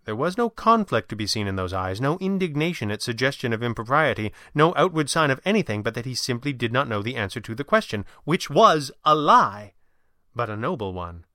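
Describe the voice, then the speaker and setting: Bright, clear-voiced male narrator. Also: mid-range voice, dry recording, clean studio sound. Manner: even, measured storytelling. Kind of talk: audiobook narration.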